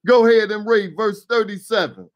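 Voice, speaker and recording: A man with a fairly high voice hosts a Bible talk on the radio. He breaks in with folksy, conversational commentary and keeps nudging the reader to carry on. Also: moderate pace, dull audio. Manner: folksy, chiming in to prompt the reader. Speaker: radio show host leading Bible reading. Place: radio studio.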